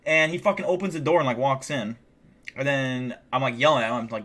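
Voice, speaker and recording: A man live streaming tells a story in a casual, rambling way, speaking fairly quickly in a mid-range, slightly bright voice. He swears heavily and fills his talk with "like."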